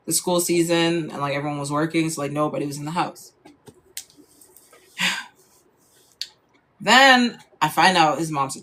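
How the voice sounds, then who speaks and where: A woman's voice: low voice, fairly bright tone. Chatty young woman telling a story. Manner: chatty, lots of "like" fillers. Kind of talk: casual storytime.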